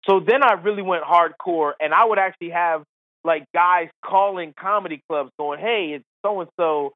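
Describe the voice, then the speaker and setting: A man, a comedian and podcast guest, telling an animated anecdote and acting out the people in it. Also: high-pitched, normal speed, dry recording, phone-quality sound. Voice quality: lively storyteller who acts out voices.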